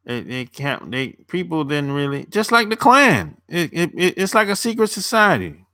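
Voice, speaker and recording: A man's voice: fairly high pitch, very animated, moderate pace, bright, forceful tone, no echo, studio quality. A young man chatting loosely on a live stream, answering viewers as a dating coach, rambling and repeating himself with casual swearing.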